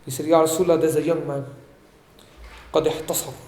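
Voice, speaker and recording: A man giving a religious talk, explaining points and asking his listeners questions, reciting Arabic quickly before translating it. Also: on the high side, flat delivery, a little mellow, roomy sound. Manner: explains and asks the audience questions. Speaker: religious teacher. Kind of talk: sermon. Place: event hall.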